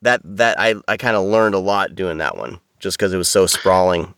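A man's voice: low-pitched, normal speed, fairly bright tone, clear, resonant tone, no room sound, clean studio sound. A man talking casually as a podcast guest, rambling with many restarts and fillers over a video call. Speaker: audiobook narrator, podcast guest.

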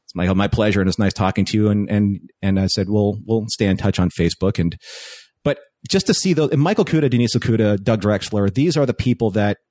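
A man's voice: lowish voice, fairly quick, a little mellow, dry recording, clean studio sound. A man casually telling a long story, with restarts and quoted dialogue along the way.

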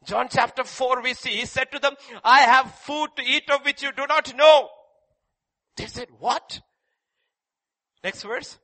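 High-voiced man preaching a dramatic sermon. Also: a little slow, long pauses. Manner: swings from loud shouting to hushed, quiet passages; repeats rhetorical questions.

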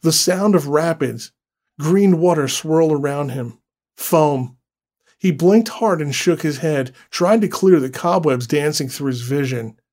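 A man giving a scripted horror story narration in a slow, deliberate, dramatic way. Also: fairly high pitch, a little mellow.

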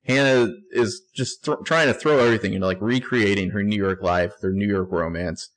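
A man's voice: fairly low pitch, fairly quick. A man co-hosting a casual show recap, narrating scenes with wry asides. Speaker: podcast co-host.

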